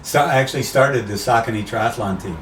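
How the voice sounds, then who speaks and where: An older American man, a race announcer, telling animated stories in a casual interview. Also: medium pitch, fairly quick, recorded from a distance. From USA. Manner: animated anecdotes, acts out quoted voices. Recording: roomy, off-mic, faint background noise.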